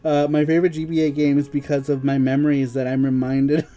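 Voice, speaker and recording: A man's voice: a little high, level tone, quick pace, mellow, faint music behind. A young man co-hosting a casual show who keeps breaking into fits of giggling. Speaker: podcast co-host. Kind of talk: casual chat.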